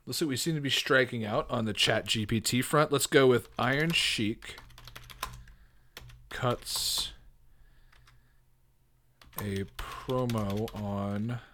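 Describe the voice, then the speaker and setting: A man hosts casually, thinking aloud as he types and breaking into excited laughs and swearing. His voice sits at a middle pitch, with keyboard clicks behind him. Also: slow pace, long pauses, slight background noise. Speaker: podcast host. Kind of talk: casual commentary while typing prompts.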